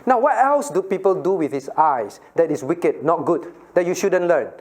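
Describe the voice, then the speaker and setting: A man's voice: a little high, lively intonation, moderate pace, darkish tone. A middle-aged male pastor leading a children's Bible lesson, asking questions, laughing often and acting out little scenes.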